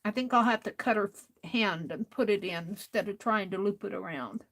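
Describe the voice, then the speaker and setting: A tired woman hosting a late-night crafting livestream, talking softly to herself as she works. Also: medium pitch, moderate pace. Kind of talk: casual talk while crafting live.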